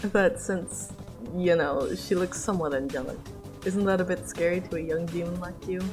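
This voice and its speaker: A woman's voice: on the low side, steady tone, normal speed, music in the background, natural voice. A young woman reading the lines of a wary young male character from her comic, asking teasing questions.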